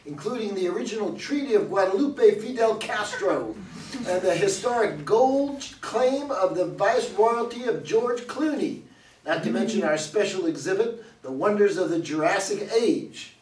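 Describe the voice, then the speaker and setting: A man's voice: sits high, expressive, normal speed. An actor playing a boastful older cowboy who runs a roadside museum, talking in a hammy, folksy salesman's drawl at a reader's theater stage reading. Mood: cocky, folksy. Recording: echoey hall from far off.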